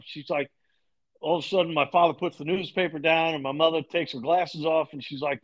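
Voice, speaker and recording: A man's voice: fairly high pitch, brisk, dull audio. A middle-aged man from Long Island, a lacrosse coach telling stories as a podcast guest and acting out the dialogue in them. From Long Island, New York. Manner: animated storyteller, acts out quoted dialogue. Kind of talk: storytelling in a podcast interview.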